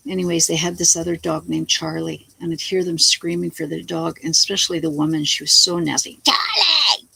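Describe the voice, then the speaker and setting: A woman's voice: low-pitched, gravelly, sharp tone, slightly rough, rough recording. A woman vlogging from her home, rambling in a blunt, chatty way and swearing freely as she jumps between topics. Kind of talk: rambling casual home vlog. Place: at home, talking to the camera.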